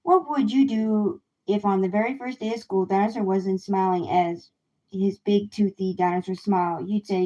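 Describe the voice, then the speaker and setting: A woman reading a children's picture book aloud in a gentle, unhurried way on a livestream. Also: medium pitch, fairly even intonation, dull audio. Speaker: storybook reader. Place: home livestream.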